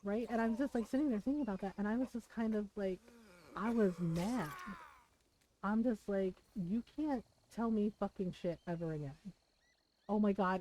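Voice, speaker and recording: Middle-aged woman streaming a game, storytelling candidly with plenty of profanity and laughter; warm, mellow tone. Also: medium pitch, normal speed, a little hiss or hum, low-quality recording. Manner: frank storytelling, swears often, laughs between lines. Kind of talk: casual gaming stream chat.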